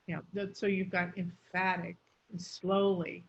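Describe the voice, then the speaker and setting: A woman's voice: on the low side, little pitch movement, normal speed, few pauses, slightly rough. A woman speech coach teaching intonation, drawing out words to demonstrate stress, on a muffled lo-fi recording. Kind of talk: explanatory teaching.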